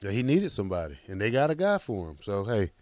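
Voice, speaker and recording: A man in a sports radio studio, teasing the hosts with deadpan ribbing in casual banter. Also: fairly low pitch, quick pace, no echo.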